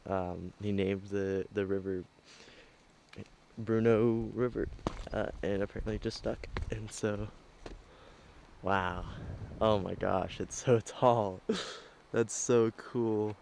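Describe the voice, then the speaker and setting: A man's voice: lowish voice, steady tone, takes it slowly, creaky, long pauses, darkish tone, slight background noise, rough recording. A man casually narrating a travel vlog outdoors into a handheld camera, rambling and hesitant with lots of fillers. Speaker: travel vlogger. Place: outdoors on a trail and a scenic overlook. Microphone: handheld camera mic.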